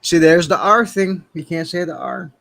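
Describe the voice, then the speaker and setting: A man's voice: a little high, normal speed, vocal fry, a bit bright. A man in a casual group chat, blunt and mocking as he cuts in. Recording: crowd noise behind the voice.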